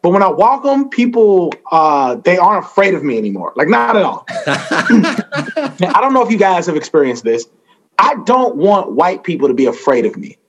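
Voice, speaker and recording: A man doing a stand-up set, telling self-mocking stories in an animated way. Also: high-pitched, moderate pace, a little hiss or hum. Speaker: stand-up comedian.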